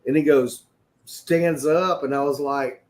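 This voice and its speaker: A man's voice: on the high side, steady tone, unhurried, a little mellow. A man telling rambling stories in a casual chat, laughing as he goes. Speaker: regular on a morning chat show.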